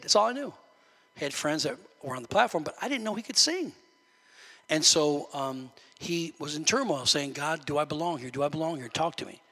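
A man preaching a sermon as pastor, telling a story and building to loud preaching. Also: a little high, breathy edge. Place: church sanctuary. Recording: long hall reverb.

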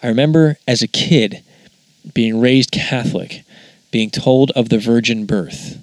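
A man's voice: mid-range voice, measured pace, dry recording. A man hosting a casual spoken monologue, musing in a conversational way that wanders off track now and then. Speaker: podcast host.

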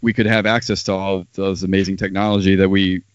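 A man's voice: deep voice, level tone, fast, clean tone, dry recording, muffled recording. A man talking as a guest in a casual podcast chat, earnest and agreeing, drawing out his phrases.

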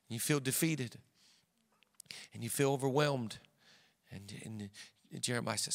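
A man's voice: mid-range voice, normal speed, vocal fry, long pauses, in a large hall. A man pastor preaching a sermon with an emphatic, repetitive cadence.

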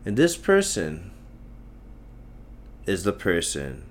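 A man's voice: low voice, measured pace, slight background noise. A man from Tamil Nadu, India, hosting a solo podcast, ranting bluntly with lots of swearing and self-mockery. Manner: self-mocking, emphatic repetition. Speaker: podcast host.

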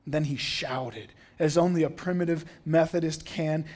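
A man's voice: on the high side, moderate pace, a little mellow. A man preaching a sermon in a church, telling a story and reading its quotes aloud with drama. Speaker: pastor.

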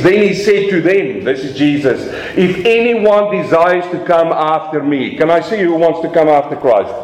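Man, pastor, emphatic sermon, slightly high voice, echoey church room. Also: a little mellow. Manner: emphatic preaching, acting out voices, rhetorical questions.

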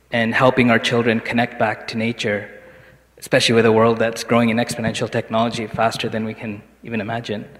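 A man's voice: medium pitch, a bit bright. Man asking an earnest question in a hall. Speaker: audience member asking a question. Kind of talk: question from the floor. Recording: long hall reverb.

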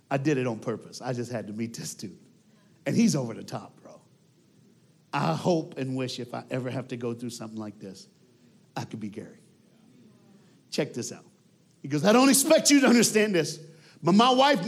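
A man giving a storytelling speech, animated and talking straight to his audience. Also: medium pitch. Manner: animated, talks straight to the crowd.

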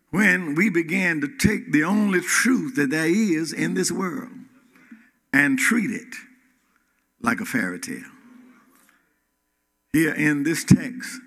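Man preaching, bright voice, echoing church hall. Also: medium pitch. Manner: rhythmic preaching with sudden rises and drops, calls to the congregation. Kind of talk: sermon. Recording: reverberant hall.

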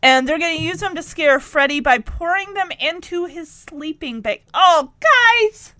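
A woman's voice: high-pitched, a little slow, a bit bright, dry recording. A woman chatting through a recap of a TV episode, laughing often and making teasing asides. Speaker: show recap host. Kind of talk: casual recap commentary.

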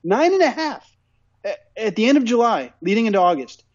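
Man, high-pitched, ranting podcast co-host, dry dull recording. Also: sing-song, brisk, a little mellow, no echo. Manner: ranting, repetitive, emphatic. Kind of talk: casual sports chat.

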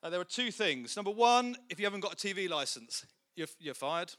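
Give me a man with a bright, slightly high voice giving a jokey church talk. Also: fairly quick. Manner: jokey, self-deprecating, lively asides. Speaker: guest speaker. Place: church hall with audience.

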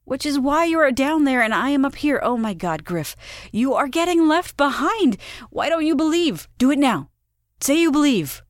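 A woman voicing a panicked young wife who is floating upward, shrill and high-pitched. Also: a little slow, few pauses, a little mellow, no echo, studio quality.

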